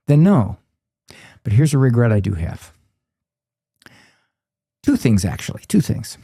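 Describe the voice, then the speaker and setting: A man's voice: mid-range voice, measured pace, slightly rough, no echo, clean studio sound. An older man, a psychologist guest in an interview, telling stories animatedly and acting out the voices of the people he quotes. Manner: animated storyteller who acts out quoted voices. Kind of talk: conversational interview.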